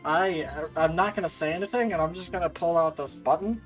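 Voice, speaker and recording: A man's voice: a little high, brisk, hardly any pauses, soft background music. A man streaming a game, joking with chat in casual commentary. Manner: joking, laughing, talks to chat.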